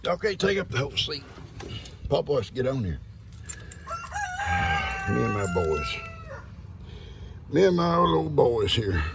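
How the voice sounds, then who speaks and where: A man's voice: mid-range voice, big pitch swings, unhurried, vocal fry, pauses often, background noise. An older man, chatting casually to his farm animals and viewers outdoors. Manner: folksy, talks sweetly to his animals. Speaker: farm vlogger.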